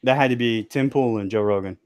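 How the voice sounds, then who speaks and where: A man's voice: medium pitch, brisk. A man co-hosting a casual livestream, laughing often and dropping dry quips. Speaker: livestream co-host.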